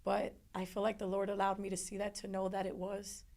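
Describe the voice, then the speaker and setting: Woman, interview guest, gravelly fry in her voice, emotional halting testimony. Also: medium pitch, completely flat delivery, darkish tone. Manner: emotional, halting, with many restarts.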